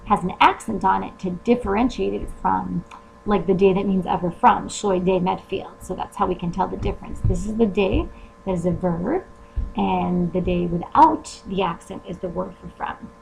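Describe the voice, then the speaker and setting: A woman's voice: medium pitch, moderate pace, vocal fry, darkish tone, slight background noise, low-quality recording. A woman teacher explaining Spanish grammar step by step in a recorded lesson, often asking rhetorical questions.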